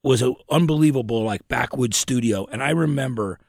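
A man hosting a podcast, telling stories in an animated, emphatic way during a casual interview. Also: medium pitch, brisk, vocal fry, no echo, clean studio sound. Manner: animated storyteller, lively and emphatic. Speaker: podcast host.

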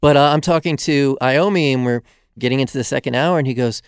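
A man who is a guest author, telling stories in a halting way full of fillers. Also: mid-range voice, clear, resonant tone, no echo, studio quality. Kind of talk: casual interview storytelling.

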